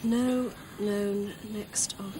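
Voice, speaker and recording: An actress playing a hospital nurse who asks questions in a slow, deliberate way. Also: female voice, medium pitch, fairly even intonation, background noise. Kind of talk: scripted TV drama acting.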